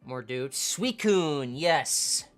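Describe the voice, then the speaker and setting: Low-voiced woman murmuring on stream. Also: expressive, drawn-out words, soft background music. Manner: low-key, murmuring card names to herself. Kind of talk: casual live-stream commentary.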